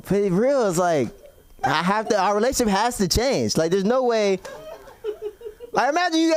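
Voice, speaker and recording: A young man doing an open mic stand-up set, rambling and swearing a lot. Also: high-pitched. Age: young adult. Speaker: stand-up comedian. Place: comedy club stage. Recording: noisy live club recording.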